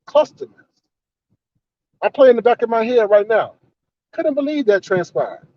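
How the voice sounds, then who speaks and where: A man's voice: very high-pitched, big pitch swings, normal speed, no room sound. A man giving an indignant, profane, repetitive rant in a commentary vlog. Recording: slightly dull, dry recording.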